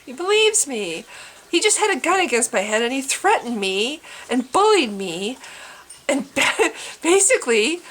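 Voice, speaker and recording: Animated sarcastic woman ranting casually. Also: high voice. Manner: animated, acts out scenes, wry and sarcastic. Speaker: vlogger. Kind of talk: casual rant to camera.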